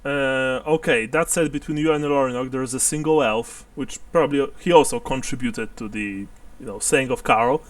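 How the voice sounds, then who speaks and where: A man's voice: medium pitch, moderate pace, few pauses, no room sound, recorded from a distance. A man narrating and explaining rules as game master of a tabletop game, laughing often.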